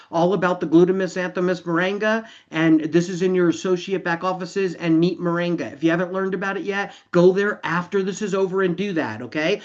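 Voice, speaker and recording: A man's voice: high voice, muffled recording. A man leading an online company announcement for his members, earnest and emotional, repeating himself for emphasis. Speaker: company founder addressing members.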